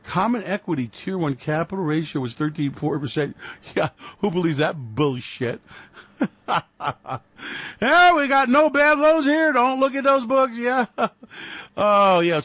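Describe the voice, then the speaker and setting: A man's voice: fairly high pitch, no room sound, dull audio. A man hosting a radio show, ranting in a sarcastic, profane, mocking way. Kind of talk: solo financial commentary rant.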